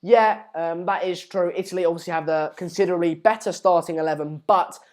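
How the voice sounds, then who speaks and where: A man's voice: high-pitched, steady tone, brisk. Chatty man hosting a match stream. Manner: chatty, reads out viewer comments. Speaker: live stream host. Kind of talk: casual live match commentary.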